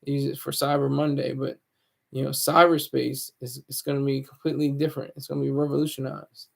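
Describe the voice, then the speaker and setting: A man's voice: medium pitch, flat delivery, fairly quick, vocal fry. A man talking to his viewers as a YouTuber in a casual, rambling monologue, mocking himself and restarting his sentences often.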